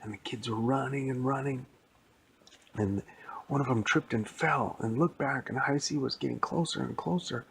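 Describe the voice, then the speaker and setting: A man's voice: medium pitch, moderate pace, creaky, a bit bright, breathy edge, poor audio. A man telling a playful, rambling story that he makes up as he goes. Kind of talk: improvised spoken story.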